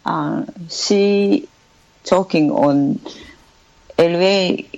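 Female radio caller, halting hesitant English, slow unhurried delivery. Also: lowish voice, vocal fry, darkish tone, muffled recording. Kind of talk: phone-in call.

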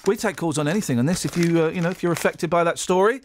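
A man's voice: on the high side, racing, slight background noise. A man hosting a morning radio show from a studio, chatting casually and teasing, often stumbling over his words. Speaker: radio host.

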